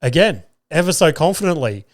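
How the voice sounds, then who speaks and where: A man's voice: fairly high pitch, big pitch swings, fairly quick, dry recording, studio quality. A young adult Australian man hosting a podcast, telling a story in casual chat and acting out the dialogue, swearing freely. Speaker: podcast host.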